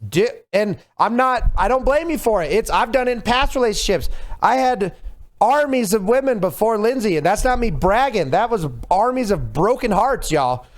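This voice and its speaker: A man hosting a casual podcast over a video call, voice sitting a little high for a man. He talks earnestly and reflectively, leaning into heartfelt advice. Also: lively intonation, normal speed. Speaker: podcast host.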